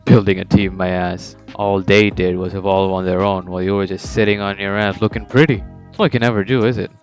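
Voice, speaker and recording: A man's voice: lowish voice, moderate pace, lightly acted. Man playing a sneering furious teen striker. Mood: taunting. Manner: taunting, sneering, shouting. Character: cocky furious teen male soccer striker. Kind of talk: fan story voice acting. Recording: dull lo-fi with background music.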